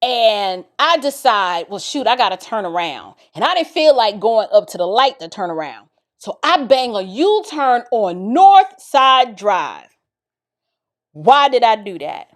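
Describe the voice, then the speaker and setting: A woman from the Bronx telling a personal story in a casual, expressive way, talking straight to her listeners. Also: fairly high pitch, a little slow. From the Bronx, New York. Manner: animated and expressive, addresses listeners directly.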